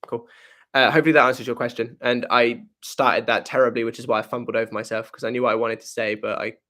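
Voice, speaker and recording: A man's voice: mid-range voice, flat delivery, fast talker, pushed and bright. A man hosting a live question-and-answer stream in a casual, rambling way, often correcting himself and laughing.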